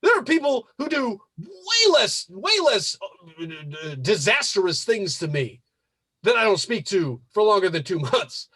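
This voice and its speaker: A husky man with a dry, close sound, hosting a live advice show. His voice sits high and swings widely as he swears and works himself into disbelief. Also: a little slow, no echo. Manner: animated, swearing, rising to incredulous outbursts. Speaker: podcast host. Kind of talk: casual live show commentary.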